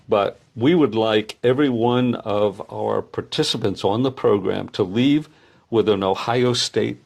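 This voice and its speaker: Older male founder, low gravelly voice, halting, full of fillers. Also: a little mellow. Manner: hesitant, many filler pauses. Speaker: program founder. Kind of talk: conversational interview.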